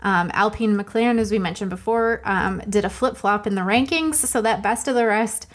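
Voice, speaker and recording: A woman co-hosting a podcast in casual chat. She talks bluntly and teases in a dry way. Her voice is at an average pitch for a woman. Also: a little fast. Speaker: podcast co-host.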